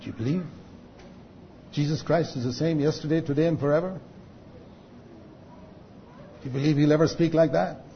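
Man, preacher, sermon, loud drawn-out emphasis, somewhat high pitch, muffled lo-fi sound. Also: fairly even intonation, a little hiss or hum. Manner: rises to loud, drawn-out emphasis on quoted rebukes. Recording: dull lo-fi recording.

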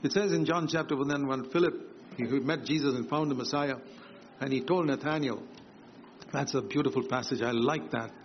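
A man delivers a sermon at a fairly quick pace, emphatic and repetitive, and his voice climbs higher whenever he quotes someone. The recording is dull and lo-fi, with faint ambience and a slight hiss or hum.

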